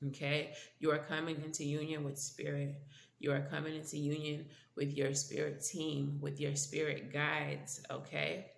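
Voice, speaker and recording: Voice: mid-range voice, monotone, normal speed, creaky. Host tarot reader, stuffy-nosed, casual and reassuring, keeps tagging lines with "okay?"; roomy echo. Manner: frequent checking-in tags like "okay?" and "all right?". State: stuffy, congested. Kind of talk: casual spiritual tarot reading to viewers. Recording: echoey room with faint background noise.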